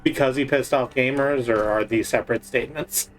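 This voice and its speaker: A man's voice: medium pitch, steady tone, fairly quick. A man co-hosting a live game stream, chatting, explaining trivia and answering the chat. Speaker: stream co-host.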